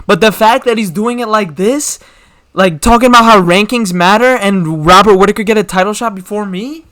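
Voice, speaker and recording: High-voiced young man ranting about fights. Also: normal speed, no echo. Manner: slangy, animated, rhetorical questions. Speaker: MMA commentary channel host. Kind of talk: casual opinion commentary.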